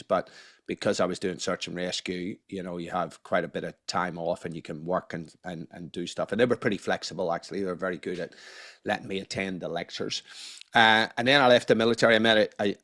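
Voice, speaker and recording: A man's voice: low voice, fairly bright tone, dry recording, studio quality. A middle-aged man with a Northern Irish accent touched by Australian vowels, telling his story candidly in a casual interview, now and then swearing. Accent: Northern Irish with a slight Australian tinge. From Northern Ireland. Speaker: guest, neuroscientist.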